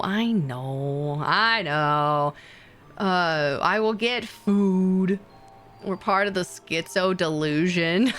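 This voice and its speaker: Bright, playful young woman streamer. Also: medium pitch, clear, resonant tone. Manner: playful, teasing, swears, laughs often. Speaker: VTuber streamer. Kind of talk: casual chat with stream viewers.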